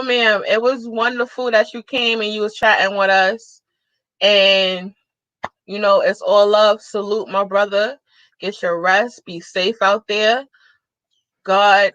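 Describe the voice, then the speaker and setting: A woman hosting a casual live-stream chat, reading comments aloud and giving shout-outs, with bursts of excited exclamation. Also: medium pitch, dry recording. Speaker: livestream host. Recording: dull, dry lo-fi live-stream audio.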